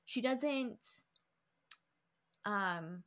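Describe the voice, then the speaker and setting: Hosting a casual book club podcast chat, a young woman reads quotes aloud, laughing often and getting emotional. Her voice is medium in pitch with lively intonation, and she draws out her words warmly.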